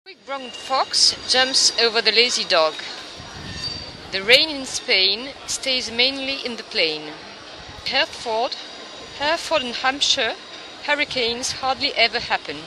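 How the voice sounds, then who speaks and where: A woman's voice: fairly high pitch, expressive, a little slow, background noise. A woman reading test phrases aloud at a busy market. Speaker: interviewee. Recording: loud crowded market.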